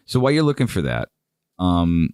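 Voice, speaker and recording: A man's voice: low voice, sing-song, normal speed, darkish tone, smooth, no echo, clean studio sound. A man hosting a podcast, asking curious questions and joking around. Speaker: podcast host. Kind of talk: casual chat. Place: podcast studio.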